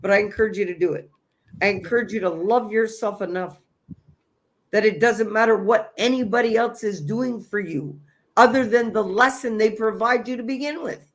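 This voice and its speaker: A man's voice: high voice, moderate pace, fairly bright tone. Earnest man giving motivational spiritual talk. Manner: earnest, encouraging, repeats key phrases. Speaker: host of a spiritual livestream. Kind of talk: motivational self-help talk.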